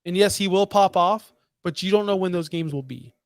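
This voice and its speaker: A man's voice: high voice, a little fast, dry recording, studio quality. A man co-hosting a fantasy football podcast, talking in a fired-up, emphatic, ranting way. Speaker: podcast co-host. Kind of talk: heated fantasy football talk.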